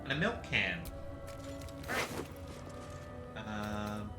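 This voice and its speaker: A gaming streamer offers casual, meandering let's-play commentary while playing a video game, chatting to his cat as he goes. His lowish voice is sing-song and very slow, with reverb and loud music behind it.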